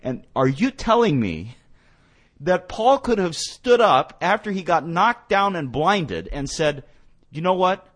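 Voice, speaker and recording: A man co-hosting a theological radio discussion, speaking emphatically and building to forceful peaks. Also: a little high, very animated, slow pace. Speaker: radio show co-host.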